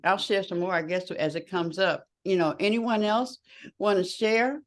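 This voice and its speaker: A woman co-hosting a group talk, reflecting aloud in a halting way and searching for her words. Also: medium pitch, fairly even intonation. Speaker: co-host.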